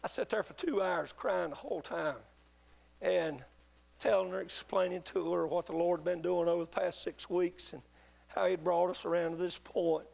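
A man preaching a sermon, telling a testimony in an earnest, halting way with many restarts. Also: high voice, fairly even intonation, vocal fry, a little mellow. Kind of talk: sermon storytelling.

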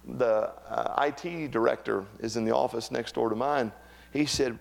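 A middle-aged pastor preaches with lively humor, swinging between quiet asides and bursts of energy. His voice sits at an ordinary male pitch, conversational and warm toward the congregation. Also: normal speed, creaky. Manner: animated preaching with humor and acted quotes. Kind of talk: sermon.

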